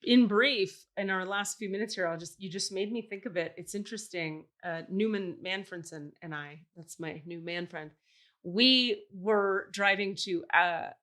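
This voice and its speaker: A woman on a podcast launches into a long story in relaxed chat. She gets animated, swears freely and acts out the voices of the people in it. Her voice sits at an ordinary middle pitch. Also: normal speed. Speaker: podcast host.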